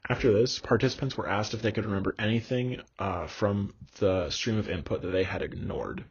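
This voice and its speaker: Gravelly man giving a halting lecture. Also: lowish voice. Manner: halting, many fillers and restarts. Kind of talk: recorded online lecture. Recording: dull lo-fi recording.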